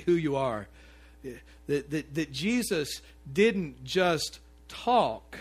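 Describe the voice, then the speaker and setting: A man preaches in a church sanctuary, easy and talkative, turning often to his congregation. His voice sits a little higher than most men's. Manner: conversational, animated preaching with asides to the congregation. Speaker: pastor. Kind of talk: sermon.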